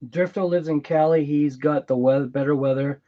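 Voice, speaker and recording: A man's voice: fairly high pitch, fairly even intonation, brisk, highs cut off. A man with a US East Coast accent hosting a casual remote-control hobby livestream, chatting and reacting to viewer comments. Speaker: RC livestream host.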